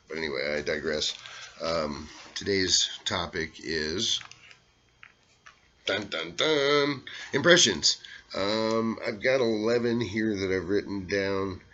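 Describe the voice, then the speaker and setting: Deep-voiced middle-aged Southern vlogger, rambling and self-deprecating, bright tone, dull lo-fi sound. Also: male voice, measured pace. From Arkansas, US South. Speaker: vlogger doing impressions. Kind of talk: casual monologue to camera.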